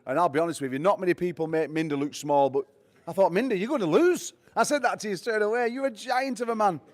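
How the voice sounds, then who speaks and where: A man's voice: high-pitched, fast. A man hosting a press conference, brashly introducing fighters and trading joking banter full of swearing.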